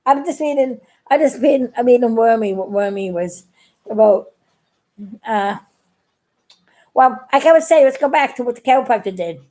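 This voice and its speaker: A middle-aged woman with a high voice rambles through a personal story for her viewers. She giggles often and trips over her words as she restarts her sentences. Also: animated, normal speed, long pauses, dark tone. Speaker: vlogger.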